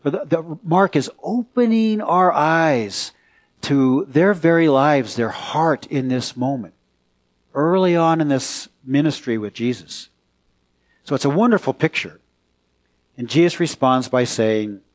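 A pastor preaching a conversational sermon in a church, turning to the congregation with questions. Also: male voice, fairly high pitch, lively intonation, measured pace.

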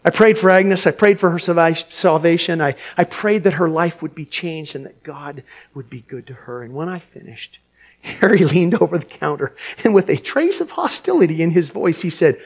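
A man preaches by telling a story, expressive and quick to laugh or choke up. His voice is fairly high and swings widely as he animates the telling.

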